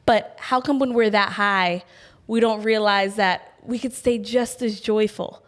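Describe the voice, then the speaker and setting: A young woman co-hosts a podcast with lively, giggly energy. Her voice sits at a middle pitch, and she talks as if she is picturing every scene she describes. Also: a little slow. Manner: animated, giggly, visual storyteller. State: pregnant. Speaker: podcast co-host. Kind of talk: casual chat.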